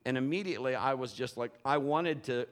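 A man's voice: mid-range voice, fairly quick. A middle-aged male preacher telling a dramatic story in a sermon and acting out the voices and sounds in it. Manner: animated, acts out voices and sounds.

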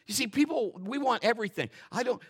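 A male pastor preaching a sermon in a folksy, joking way, dropping to quiet asides and building to loud, fervent stretches. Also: extremely high pitch, animated, fast talker, husky. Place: church.

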